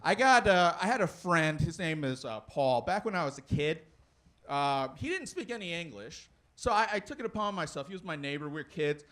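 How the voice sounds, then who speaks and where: A man's voice: a little high, sing-song, brisk, fairly bright tone. A young man doing a stand-up comedy set, rambling with plenty of fillers and restarts. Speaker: stand-up comic.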